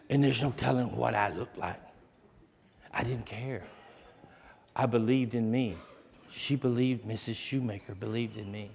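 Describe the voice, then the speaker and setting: A man's voice: fairly low pitch, creaky, darkish tone, a little hiss or hum. A man giving a heartfelt, dramatic motivational testimony to educators. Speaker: speaker at an educators' event. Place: large hall. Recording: long reverb of a large hall.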